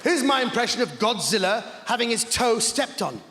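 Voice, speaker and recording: A man performing stand-up comedy on a large theatre stage in an animated way, bursting into shouts. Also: very high-pitched, normal speed, heavy background noise. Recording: echoey hall, crowd laughter.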